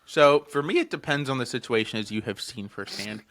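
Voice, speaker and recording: A man's voice: medium pitch, lively intonation, a little fast, fairly bright tone. A man in his twenties co-hosting a podcast, telling a story casually, swearing freely, laughing often and leaning on fillers. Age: 20s. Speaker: podcast co-host.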